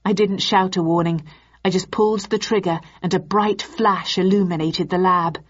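Husky woman reading an audiobook. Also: fairly low pitch. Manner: steady storytelling, voicing characters. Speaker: audiobook narrator. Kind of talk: first-person audiobook narration. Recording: dull lo-fi audiobook recording.

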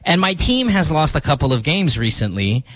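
A man chatting on a morning radio show, his pitch swinging widely as he spins a self-mocking story. The sound is dry and close, with no room around it. He talks casually and fills gaps with ums and likes. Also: normal speed, no echo. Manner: animated, self-mocking storytelling with many fillers.

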